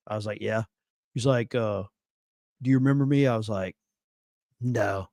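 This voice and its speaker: A man's voice: medium pitch, moderate pace, long pauses, no echo. A man co-hosting a casual veterans' live stream, telling stories and acting out the people in them. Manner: animated, acts out quoted voices. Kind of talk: casual storytelling chat.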